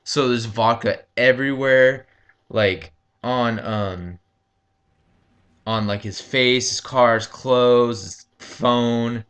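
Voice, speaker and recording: A man casually telling a rambling story over gameplay, halting often with ums and likes and swearing freely. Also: medium pitch, fairly bright tone, smooth. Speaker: gaming commentator.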